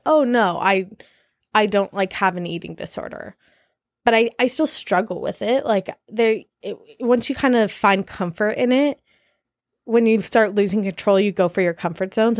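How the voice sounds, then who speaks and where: A woman's voice: mid-range voice, no echo, studio quality. A young woman in her twenties talking candidly in a casual podcast chat, laughing often and using many fillers.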